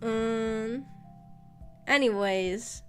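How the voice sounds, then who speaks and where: A woman VTuber chatting casually on stream, rambling and often laughing, her voice slightly rough after being sick. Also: on the high side, drawn-out words, soft background music. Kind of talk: casual live-stream chat.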